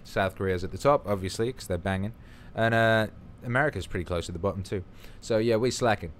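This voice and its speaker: A man's voice: fairly low pitch, a little fast, a little hiss or hum. A man hosting a livestream, reading out viewer comments in a rambling, playful, profane chat. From United Kingdom. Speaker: livestream host.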